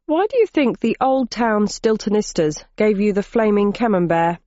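A man's voice: sits high, animated, moderate pace, a little mellow, dry recording. A woman voicing a shrewd male partner in cheese smuggling, matter-of-fact and sardonic, on a dull lo-fi recording. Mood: wry.

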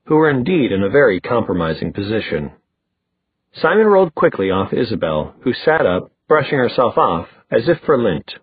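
A man narrating an audiobook in an expressive, storytelling manner. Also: mid-range voice, moderate pace, breathy edge, dry recording. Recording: dry, phone-like thin sound.

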